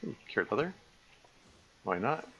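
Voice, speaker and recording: A gravelly, husky man with a sharp tone and a mid-range voice swings widely in pitch as he talks unhurriedly over a live stream of a survival game. He rambles casually, fixes his own wording, and restarts sentences with frequent stammers. Audio comes from a slightly dull lo-fi mic with faint noise.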